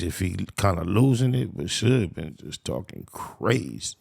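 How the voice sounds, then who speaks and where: A man reacting to a clip in loose, profane commentary, often swearing on his mama. His voice sits low and gravelly, with pitch that swings widely. The delivery is relaxed and streetwise. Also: measured pace, hardly any pauses, very noisy. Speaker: reaction host.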